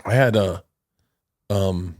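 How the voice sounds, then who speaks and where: Deep, slow, and a little mellow, this middle-aged man hosts a podcast of loose, casual tales, voicing the quotes and cursing without restraint. There's no echo; the studio sound is clean.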